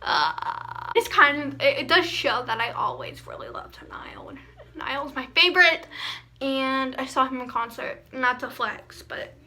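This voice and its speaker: Her voice sits high, bright and forceful as this teenage vlogger from Pennsylvania, USA mocks her old fan fiction while reading it aloud. She giggles, fills her speech with "like" and "um," and is captured on a phone camera.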